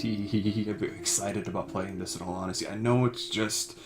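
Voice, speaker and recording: Laid-back, low-voiced man reading a game. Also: steady tone, moderate pace, over loud music. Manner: laid-back, swears often, stumbles over words. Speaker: game reader. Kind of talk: casual let's-play reading.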